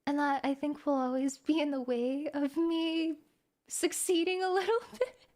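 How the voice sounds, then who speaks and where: A woman streamer talks to her viewers in a soft, reflective way. Her voice sits high. She hesitates and restarts her phrases often. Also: steady tone, normal speed, slight background noise. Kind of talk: personal talk to viewers.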